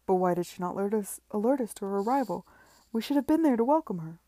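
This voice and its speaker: A woman's voice: mid-range voice, steady tone, a little fast, vocal fry, mellow, no room sound. A woman reading aloud, voicing an eager man who is flustered and keen to please. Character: anxious eager man, a fawning seaside promoter.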